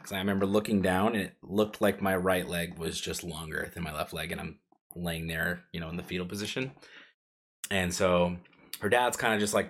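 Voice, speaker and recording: A man's voice: low voice, a bit bright, slight background noise. A man co-hosting a podcast, telling a personal story casually, full of fillers and chuckles. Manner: rambling, filler-heavy, laughs while telling. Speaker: podcast co-host.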